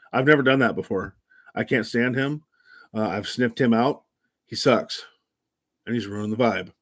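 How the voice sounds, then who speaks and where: A man's voice: medium pitch, fairly bright tone. An older man hosting a livestream in casual chat, blunt and profane, given to ranting. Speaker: livestream host.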